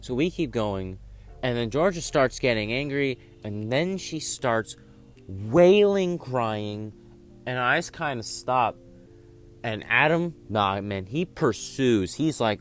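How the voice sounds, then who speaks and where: Teen guy rambling a storytime vlog, lots of like and you know, normal pitch. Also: expressive, a little slow, faint music behind. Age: teens. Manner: rambling, casual, lots of fillers. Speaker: vlogger.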